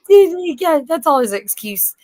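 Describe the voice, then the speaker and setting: A woman's voice: extremely high pitch, big pitch swings, takes it slowly, mellow, low-quality recording. A woman, hosting a live stream and chatting casually, laughing often as she tells stories. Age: 40s. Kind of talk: casual chat.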